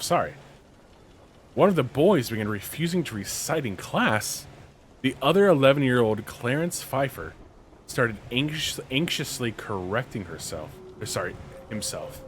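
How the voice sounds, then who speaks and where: A podcast co-host with a mid-range, sing-song voice reads a story aloud a little slowly, his tone a bit bright. He keeps breaking off into slangy, joking asides as casual commentary. There's slight background noise.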